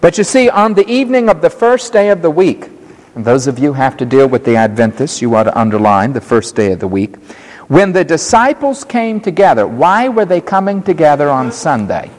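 A male preacher walks through the scripture with lively, swooping intonation and a slightly higher voice. He tells the story dramatically, and a long reverb from the large hall follows each phrase. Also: a little fast. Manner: animated, dramatic storytelling with acted-out quotes. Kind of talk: sermon, expository Bible teaching.

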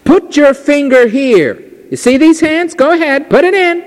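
Risen teacher, eager and insistent, coaxing, as a male preacher acts him out; high, lively and reverberant. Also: unhurried.

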